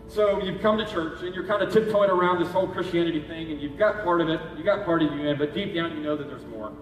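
A man preaching a sermon as pastor, urging and conversational in his manner. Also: fairly high pitch. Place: church hall. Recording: echoey hall, heard from a distance.

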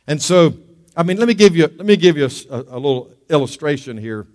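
A man preaching a sermon as pastor, lively and calling for amens from the church. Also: fairly high pitch, quick pace, in a large hall.

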